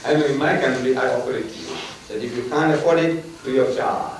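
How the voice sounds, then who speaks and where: A man's voice: medium pitch, a little fast. An older man from South Africa giving a public lecture to students, telling stories with teasing emphasis. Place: large lecture hall. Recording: echoey hall from far off, noisy.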